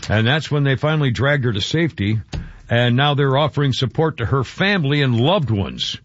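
A man's voice: medium pitch, expressive, fairly quick. A man hosting a radio talk show in a casual, rambling way, often stumbling over his words. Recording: dull, dry radio studio sound.

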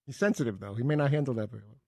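A man's voice: medium pitch, racing, darkish tone, husky, no room sound. A man on a sports radio crew, stammering and rambling defensively in casual studio banter. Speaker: show staffer.

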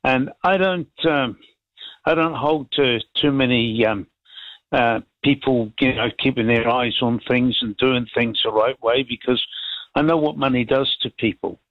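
An older man rambles warmly over a muffled phone line, voice at a middling pitch. His talk wanders, stalls on fillers and comes back around with sincere feeling. The sound is dry, with no room around it. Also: unhurried, no echo. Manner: rambling, heartfelt, patriotic. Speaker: caller. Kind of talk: casual radio call-in chat.

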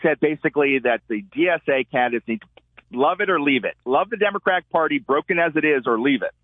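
Husky man on a tinny phone line. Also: on the high side, fast, dry recording. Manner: animated storyteller, acts out quotes. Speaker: columnist guest. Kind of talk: call-in commentary.

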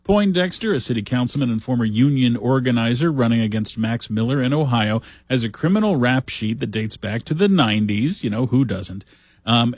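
A husky-voiced man hosts a talk show, delivering casual news commentary. He reads headlines aloud and breaks in with wry, sarcastic asides. The sound is dry and close, with no room around it. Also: medium pitch, no echo.

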